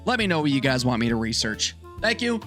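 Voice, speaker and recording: Jokey guy reacting to stuff online, bright voice, bounces all over, faint music under. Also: medium pitch, brisk. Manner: excitable, jokey, exaggerated reactions. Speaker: host. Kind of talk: reacting to searches.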